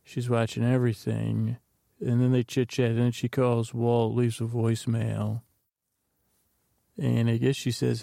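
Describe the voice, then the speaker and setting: A man with a gravelly, mellow voice, ambling through a recap of his notes. His pitch stays flat and unhurried, and the recording is dry and close. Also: no room sound. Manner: meandering, reads his notes aloud with asides. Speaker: podcast host. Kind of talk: rambling episode recap from notes.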